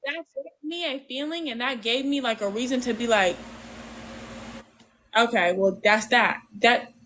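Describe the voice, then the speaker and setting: A woman hosting a livestream, talking casually in a rambling, halting way with lots of fillers. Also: high voice, slight background noise, rough recording. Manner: says she talks with her hands, animated. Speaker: livestream host.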